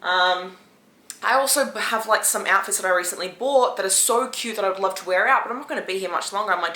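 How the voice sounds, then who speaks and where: A young woman in her twenties chatting casually to camera in a vlog, quick and loose, swearing now and then. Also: medium pitch, sharp tone, roomy sound. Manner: chatty, swearing, fast bursts of talk. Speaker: vlogger.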